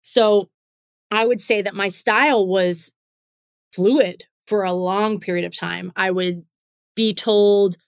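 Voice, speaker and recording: Female comedian, thirties, from Pittsburgh; candid, animated interview talk, dry sound. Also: mid-range voice, gravelly, no room sound. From Pittsburgh, Pennsylvania. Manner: animated, lists things in quick repeating runs. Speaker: comedian guest.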